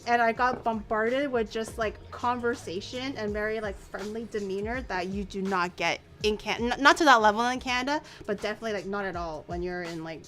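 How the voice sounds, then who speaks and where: A woman hosting a casual chat stream, telling stories in an animated, rambling way. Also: medium pitch, brisk, hardly any pauses. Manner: chatty, animated storytelling with restarts. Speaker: streamer host.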